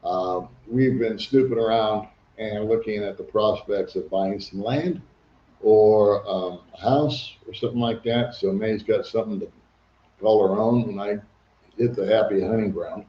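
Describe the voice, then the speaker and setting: A man's voice: lowish voice, unhurried, a little hiss or hum. Older man chatting on a livestream. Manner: reads viewer comments aloud, chatty. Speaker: livestream host. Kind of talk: casual livestream chat. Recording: echoey room, dull lo-fi sound.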